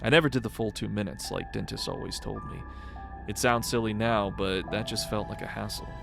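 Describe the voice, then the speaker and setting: A man's voice: fairly low pitch, brisk, creaky, music in the background. A man co-hosting a casual podcast, reading a horror story aloud and joking between passages. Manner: jokey, laughs often, flat reading voice for the story.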